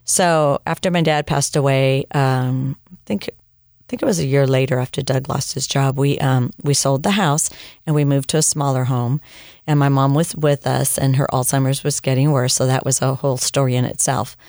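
Low-voiced woman telling her story. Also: normal speed, no room sound, studio quality. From United States. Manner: animated storyteller, acts out quoted dialogue. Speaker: interview guest. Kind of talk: personal testimony in conversation.

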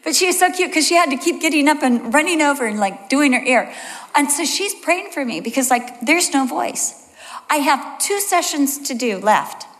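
A middle-aged woman, a Bible teacher, giving a conversational sermon to an audience and telling stories in a chatty, animated way. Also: sits high, normal speed. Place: large hall before an audience. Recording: long reverb of a large hall.

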